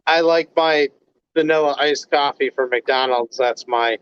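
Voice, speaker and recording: A man's voice: medium pitch, a little slow, a bit bright, smooth, no room sound. A man from the Chicago area calling in over a video call, telling stories animatedly and acting out the dialogue. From United States, Chicago area. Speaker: guest caller. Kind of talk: casual storytelling chat. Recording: dull lo-fi call audio, dry.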